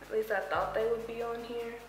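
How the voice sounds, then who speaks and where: A woman vlogging casually at home, excitedly talking straight to her viewers as she unboxes a delivery. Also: a little high, fairly quick, roomy sound, soft background music, low-quality recording. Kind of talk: casual vlog chat.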